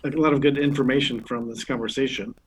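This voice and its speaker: A man co-hosting a podcast, speaking in a measured way as he pulls a casual group discussion back to its theme. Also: mid-range voice, steady tone, slight background noise, rough recording. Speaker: podcast co-host.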